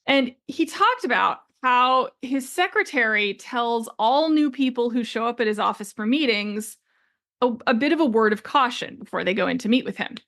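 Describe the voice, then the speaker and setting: A woman's voice: on the high side, expressive, normal speed, fairly bright tone. A woman in her forties hosting a solo business podcast, telling a story in a chatty, conversational way with frequent laughs. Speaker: podcast host and business coach.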